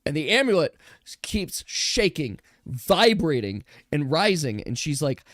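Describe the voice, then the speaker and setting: A game master narrating a tabletop role-playing game in slow, drawn-out descriptions that sometimes drop to a hush. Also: mid-range voice, sing-song, no echo, clean studio sound.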